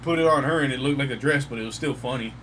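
A man's voice: mid-range voice, racing, a bit bright, low-quality recording. Profane storytelling man, faint background hum. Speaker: podcast co-host. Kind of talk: casual chat.

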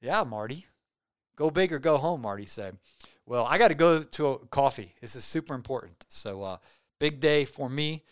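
A young man hosting a podcast, chatting casually and rambling excitably with lots of fillers and self-deprecating jokes. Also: medium pitch, normal speed, smooth, dry recording, studio quality. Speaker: podcast host. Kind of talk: casual podcast sign-off chat.

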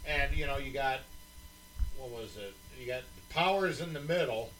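A man's voice: mid-range voice, normal speed, fairly bright tone, a little hiss or hum, poor audio. A man telling a laid-back story in casual chat.

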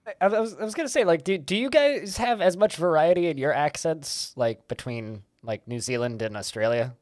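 A man from Canada chatting casually, joking and quick to laugh. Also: a little high, expressive, a little mellow, dry recording, clean studio sound. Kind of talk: casual chat.

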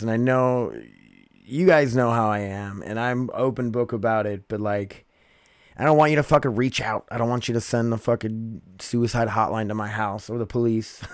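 A man's voice: mid-range voice, a little mellow, clear, resonant tone, no echo, studio quality. A man hosting a casual late-night podcast monologue, rambling loosely and calling out to his listeners as he goes. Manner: rambling, loose, keeps saying "you guys" and "dude". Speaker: podcast host.

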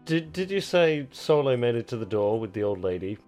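A man's voice: mid-range voice, big pitch swings, normal speed, music in the background. A man player chatting at a tabletop game in a hesitant, stumbling way.

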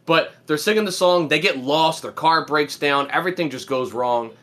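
A man in casual chat who retells scenes in an animated way and swears freely. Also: on the high side, normal speed. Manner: animated storyteller, profane.

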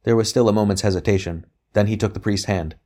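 A deep-voiced man narrates a novel aloud, steady and measured. His delivery is even and unhurried, carrying the story along. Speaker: audiobook narrator.

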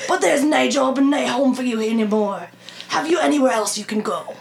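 A woman voicing a stern Scottish man with a gruff, earnest, drawn-out delivery, reading a story-game passage aloud. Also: high-pitched, roomy sound. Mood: regretful.

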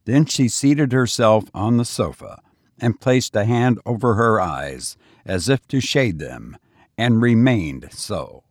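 Male narrator, low, husky, unhurried; dry close mic. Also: lively intonation, no echo. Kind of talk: storybook narration.

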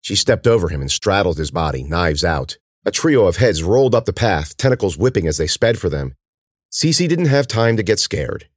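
A man reading a horror story aloud as narrator, with dramatic, measured storytelling. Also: low-pitched, big pitch swings, slightly rough, dry recording, studio quality.

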